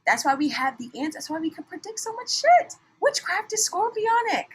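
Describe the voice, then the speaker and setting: A young woman gives a casual tarot reading monologue in a loose, animated way, speaking fairly quickly in a high voice. She swings from near mutters to loud bursts, laughs often, and swears bluntly, and the audio quality is poor.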